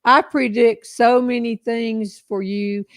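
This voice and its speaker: A woman's voice: a little high, fairly even intonation, slow, no echo. Folksy older woman host. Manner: folksy, joking storyteller. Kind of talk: casual live-stream chat.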